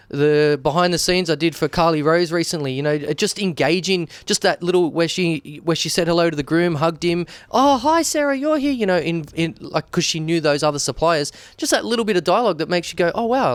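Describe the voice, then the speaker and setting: A man's voice: a little high, clear, resonant tone, no room sound. An Australian man in his thirties, a wedding videographer, chatting casually as a guest and telling stories with animation and many restarts. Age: 30s. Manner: animated storyteller, lots of restarts. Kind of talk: casual chat.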